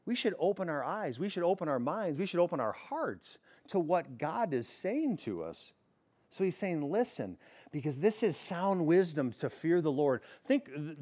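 A man's voice: medium pitch, darkish tone. A man preaching an expository sermon in a conversational way, often restarting phrases and asking rhetorical questions. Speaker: pastor teaching a Bible study.

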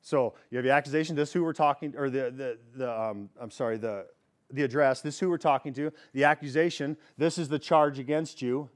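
A man's voice: medium pitch, a little fast. A man preaching an expository sermon in a conversational way, often restarting phrases and asking rhetorical questions. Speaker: pastor teaching a Bible study.

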